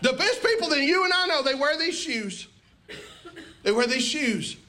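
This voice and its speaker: A man's voice: very high voice, expressive, moderate pace, pushed and bright, voice pushed up, heavily acted. A man voicing an eager young child begging a parent for shoes, pleading and breathless.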